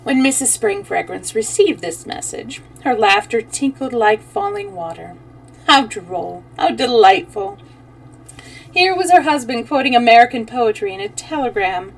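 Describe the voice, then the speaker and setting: A woman's voice: on the high side, very animated, normal speed, creaky, few pauses, recorded from a distance, low-quality recording. A woman reading a story aloud on a live stream, stopping now and then to correct her own slips.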